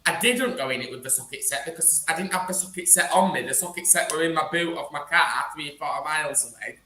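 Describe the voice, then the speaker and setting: A man's voice: a little high, fast talker, sharp tone, reverberant, a little hiss or hum. A man telling a rambling story in casual chat, acting out dialogue. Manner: rambling, acts out police dialogue.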